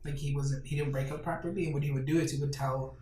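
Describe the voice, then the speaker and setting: A man's voice: mid-range voice, quick pace. Laid-back man hosting a podcast, echoey room. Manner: relaxed and self-deprecating, tells stories. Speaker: podcast host. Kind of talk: casual chat. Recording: echoey room, distant mic, faint noise.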